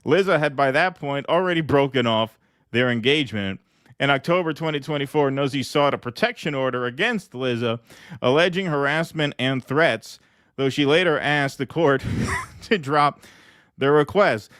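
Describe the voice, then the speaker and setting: A man's voice: on the high side, animated, normal speed, fairly bright tone, clear, resonant tone, dry recording, studio quality. A man co-hosting a political podcast, loose and joking, who laughs often. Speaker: podcast co-host. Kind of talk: casual political commentary.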